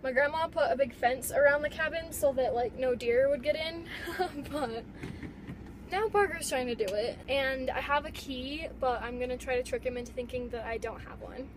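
A young woman with a high, bright voice chats and giggles through a casual vlog. She films on her phone, and the audio carries a steady hiss of noise. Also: moderate pace. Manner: giggly, chatty. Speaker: vlogger. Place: outdoors and in a car. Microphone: phone camera.

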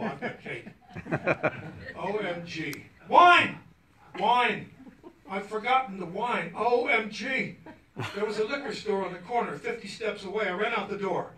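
Slow, chuckling storyteller man in a roomy hall. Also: a little high, fairly bright tone, a little hiss or hum. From Arkansas, USA. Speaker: guest speaker. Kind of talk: reading a personal story aloud to an audience. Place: event hall at a cultural center. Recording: roomy hall, mic at a distance.

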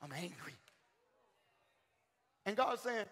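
A male pastor preaching a sermon in a church, calling out to the congregation, swinging from shouted peaks to sudden quiet lines. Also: extremely high pitch, expressive, moderate pace. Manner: calls out to the congregation. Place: church sanctuary. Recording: long hall reverb.

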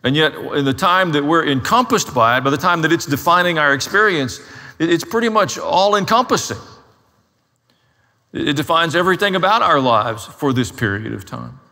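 A man's voice: fairly high pitch, lively intonation, normal speed, creaky, pushed and bright, big-room sound. A man preaching a sermon as a pastor, telling his own story in a candid, self-deprecating way.

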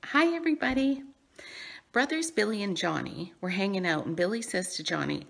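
A woman's voice: medium pitch, animated, normal speed, creaky, pushed and bright. A woman telling a cheery joke, saying "bleep" instead of the curse words. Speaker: church member telling a joke.

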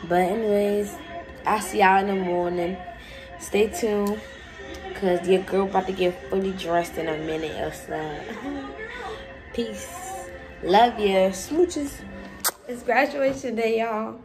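A woman's voice: mid-range voice, animated, slow, pauses often, music in the background, low-quality recording. A young woman in her late teens chatting casually and emotionally to her viewers in a vlog. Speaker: vlogger.

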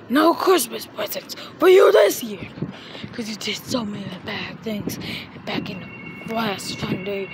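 A woman's voice: on the high side, unhurried. A woman improvising a toy story, grumbling and making threats in a rambling way. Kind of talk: improvised toy play-acting. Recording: noisy home recording.

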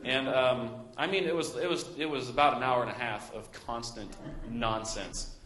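Young Midwestern pastor, rambling story-style sermon, mid-pitched, echoey church sound. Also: male voice, moderate pace, fairly bright tone. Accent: Midwestern American. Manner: storytelling with many fillers and restarts. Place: church sanctuary.

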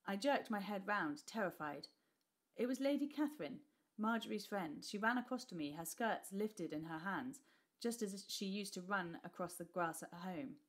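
A woman teacher reading a class novel aloud with expressive storytelling. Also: mid-range voice, moderate pace.

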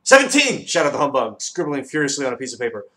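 A man narrating a children's novel with a lively, expressive reading. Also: mid-range voice, rapid-fire. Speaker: audiobook reader. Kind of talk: storybook narration.

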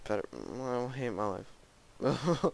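A man with a lowish, unhurried voice, some vocal fry and a clean tone does casual let's-play commentary on a custom game map. He gasps and exclaims often and pokes fun at himself throughout.

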